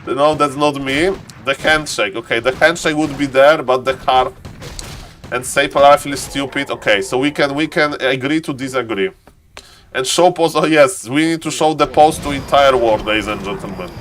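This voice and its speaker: A man giving live esports commentary, excitable and playful, bursting into high exclamations and joking asides. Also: moderate pace, slight background noise. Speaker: game caster.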